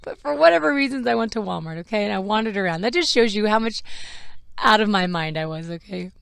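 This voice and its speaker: A woman's voice: medium pitch, lively intonation, fast, vocal fry, clear, resonant tone, no room sound, studio quality. A mother hosting a podcast, telling a personal story in a frank, emotional way with laughs and the odd swear. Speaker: podcast host.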